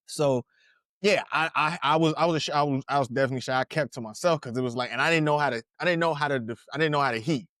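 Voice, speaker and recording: Animated man telling stories. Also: mid-range voice, quick pace, no echo, clean studio sound. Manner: animated storytelling with slang, laughs and restarts. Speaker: podcast co-host. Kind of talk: casual podcast chat.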